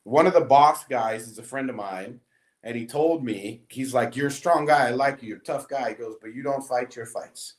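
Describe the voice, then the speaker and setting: A man's voice: mid-range voice, normal speed. A man casually recounting a story, acting out quoted dialogue as he goes. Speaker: guest.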